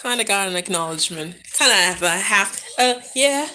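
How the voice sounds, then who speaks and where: Soft-spoken mom talking on a home livestream, mid pitch, noisy background. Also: female voice, expressive, normal speed. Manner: gentle, reflective, talks to viewers and her child. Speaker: mother and vlogger. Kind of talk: casual live vlog chat.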